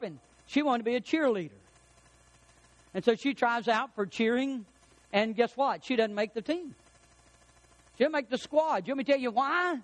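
A middle-aged preacher with a high-pitched voice. He tells homely stories in a relaxed, folksy way and builds to emphatic peaks to drive his points home. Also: poor audio. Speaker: pastor. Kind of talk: sermon.

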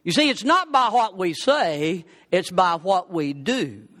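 A man preaching a sermon as pastor, emphatic, repeating words for stress and rising to shouts. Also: high-pitched, animated, a little slow.

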